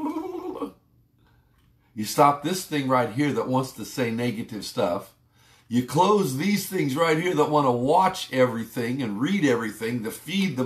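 A man pastor giving a conversational, emphatic devotional sermon. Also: medium pitch. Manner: conversational, emphatic preaching with rising exclamations. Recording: roomy echo.

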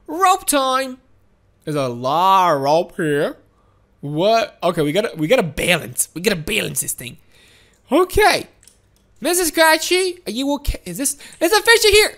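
High, lively, giggly woman gamer. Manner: excitable and giggly, frequent laughs and exclamations. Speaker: gaming video host. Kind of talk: live game commentary.

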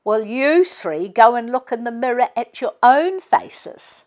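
A woman reading aloud as a practical, cheerful mother giving her children brisk instructions. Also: a little high, expressive, darkish tone, pitched above the performer's own voice.

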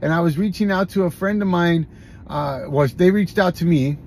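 A man's voice: a little high, moderate pace, darkish tone, a little hiss or hum. Candid man speaking in a confessional tone. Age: adult, has a grown son. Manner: candid, confessional, with many restarts. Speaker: podcast host. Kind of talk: personal monologue about recovery.

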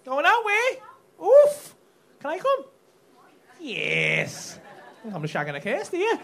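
A man's voice: extremely high pitch, wildly swooping pitch, slow, vocal fry, a bit bright. A male stand-up comedian doing brash, profane crowd work on a comedy club stage with a handheld mic. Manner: brash, profane teasing banter. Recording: live club recording with background noise.

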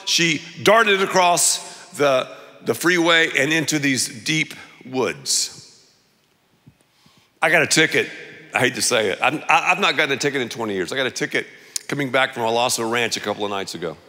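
Brief: bright, forceful male pastor, jokey storyteller, long church reverb. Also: mid-range voice, moderate pace. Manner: animated, jokey, acts out voices. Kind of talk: sermon with storytelling.

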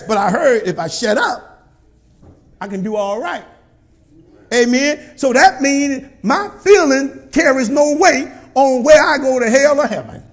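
Here a middle-aged pastor is preaching to the congregation in his church, often shouting and prompting the people to respond. He speaks in a very high voice.

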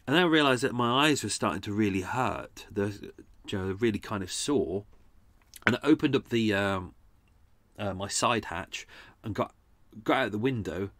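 A man's voice: medium pitch, animated, brisk, a bit bright, no echo. A man hosting a podcast, telling a personal story in a chatty, rambling way, often correcting himself and swearing mildly. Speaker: podcast host. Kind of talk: casual storytelling.

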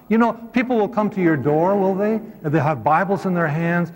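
A man, a priest, giving an animated, conversational teaching talk to a live audience, with humorous asides. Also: sits high, a little fast, hardly any pauses. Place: hall with a seated audience. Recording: echoey hall.

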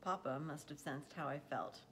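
A woman reading a novel aloud in a measured, expressive storytelling manner. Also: deep voice, a little hiss or hum. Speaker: audiobook reader. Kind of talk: audiobook narration.

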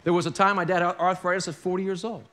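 A man's voice: high-pitched, little pitch movement, fast talker, fairly bright tone. A man preaching a sermon in a church, talking to the congregation in a conversational way with wry, joking asides. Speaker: pastor. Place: church sanctuary.

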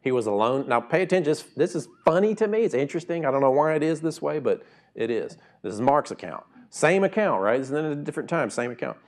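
A middle-aged man preaching a sermon in a casual, conversational way, swinging from quiet, slow asides to loud, high emphatic bursts. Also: lively intonation. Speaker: pastor.

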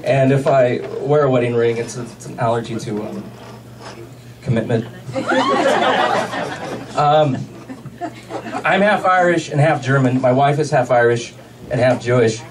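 A man doing a stand-up comedy set, delivering deadpan one-liners with pauses for laughs. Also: mid-range voice. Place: comedy club stage with a laughing audience. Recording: distant club recording with loud crowd noise.

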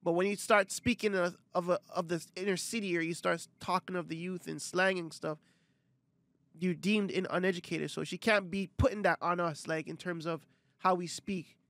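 A man's voice: sits high, fairly even intonation, moderate pace, a bit bright, dry recording. A young man, co-hosting a casual podcast and arguing his point at length. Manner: reasoned arguing, frequent affirming murmurs. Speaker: podcast co-host.

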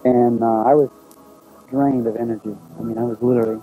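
A man telling his own experience in a documentary, recalling it in halting, unpolished speech with restarts. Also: mid-range voice, fairly even intonation, phone-quality sound, over music. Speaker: eyewitness recounting his experience. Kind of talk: first-person testimony in a documentary.

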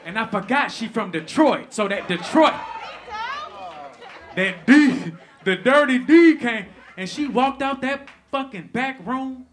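A man telling a stand-up comedy story onstage, animated and profane, swinging between loud bursts and hushed asides. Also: very high-pitched, unhurried, a faint crowd, slight background noise. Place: comedy stage before live audience.

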